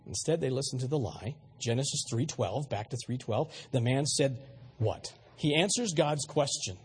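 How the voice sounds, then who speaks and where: A man's voice: medium pitch, lively intonation, normal speed, breathy edge. A male pastor preaching a sermon, emphatic and questioning his audience, with frequent repeated words.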